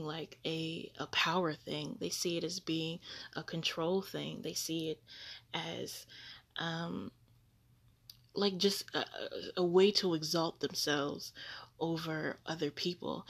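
A woman's voice: low voice, a bit bright. A woman hosting a casual religious podcast, rambling with many fillers and a disbelieving tone. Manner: grows incredulous and laughing, repeating "what?". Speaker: podcast host.

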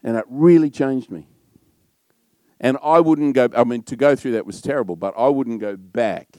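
Loud Australian pastor, dry sound. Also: male voice, medium pitch, moderate pace, no room sound. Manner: loud, warm storytelling with frequent laughs. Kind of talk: sermon.

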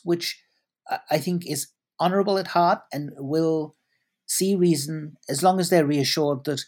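A man's voice: a little high, a little mellow. A man answering interview questions at length, articulate and elaborate, often restarting his sentences. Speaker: guest commentator.

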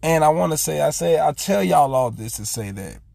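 A man's voice: fairly high pitch, expressive, moderate pace, vocal fry, a little mellow, no echo. A man hosting his own vlog, talking earnestly and casually about raising his son, often retelling what he said with "I said". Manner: earnest, repeats "I said" while retelling talks. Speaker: vlog host. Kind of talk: casual heartfelt monologue.

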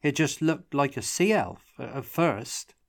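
A man's voice: medium pitch, animated, takes it slowly, gravelly, no echo, clean studio sound, pitched above the performer's own voice. A man reading aloud, voicing an upset young man who pleads and questions in a raised voice. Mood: questioning.

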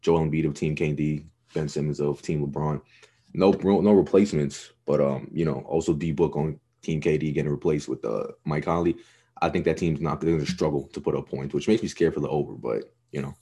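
A man's voice: rumbling low, fairly even intonation, a little fast, warm tone, breathy edge. A young man co-hosting a sports podcast, chatting casually in a laid-back, rambling way and swearing freely. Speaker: podcast co-host.

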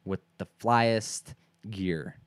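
A man's voice: fairly low pitch, drawn-out words, clear, resonant tone, dry recording. A man co-hosting a casual podcast, often hesitating and repeating words as he talks. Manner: hesitant, repeating himself with fillers. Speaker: podcast co-host. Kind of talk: casual chat.

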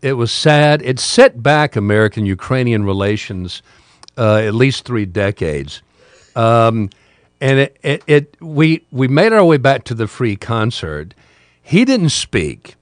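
A man's voice: medium pitch, big pitch swings, a little slow, dry recording. An older man, a podcast host with a talk radio past, casually telling a rambling story with repeated words.

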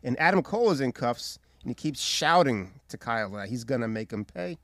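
Animated, swearing male podcast co-host. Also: mid-range voice, a little fast, no echo, clean studio sound. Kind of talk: casual wrestling recap chat.

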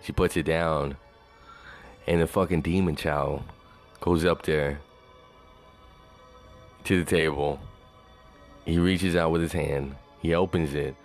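A man's voice: extremely low pitch, fairly even intonation, slow pace, pauses often, soft background music. A man talking in a loose, rambling monologue, swearing freely and saying "you know" over and over. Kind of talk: casual monologue.

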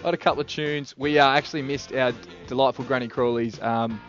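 A man's voice: mid-range voice, steady tone, a little fast, fairly bright tone, dull audio, soft background music. A man with an Australian accent co-hosting a radio show, telling jokey stories and laughing often. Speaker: radio co-host. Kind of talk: casual radio chat.

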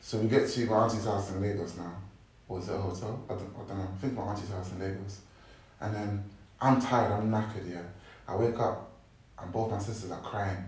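A young man, casually telling an animated story, laughing often and using slang. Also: lowish voice, fairly quick. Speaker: podcast guest storyteller. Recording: echoey room, mic at a distance.

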